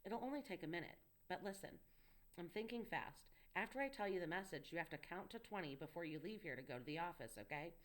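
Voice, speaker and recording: Young male tutor, coaxing and urgent, read by a woman in a low voice. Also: expressive, fast, lightly acted. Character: young male student tutor, earnest, protective. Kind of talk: audiobook dialogue reading.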